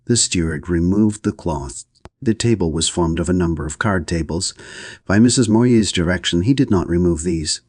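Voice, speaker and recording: Steady, even audiobook narration of a novel comes from a man whose voice is very deep with a husky edge. He reads the script at a moderate pace. The recording is close and dry, with no echo from the room.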